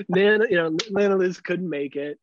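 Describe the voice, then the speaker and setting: A man in his thirties, a podcast co-host, swearing and laughing as he tells animated stories in casual chat. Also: high voice, a little slow, dull audio, a little hiss or hum. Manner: animated storyteller, swears a lot, laughs often.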